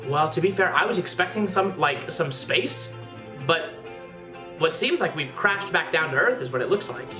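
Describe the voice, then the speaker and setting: A man reacting casually to a music video, chatty and gushing with lots of fillers, sometimes jumping higher when excited. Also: moderate pace. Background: music playing faintly.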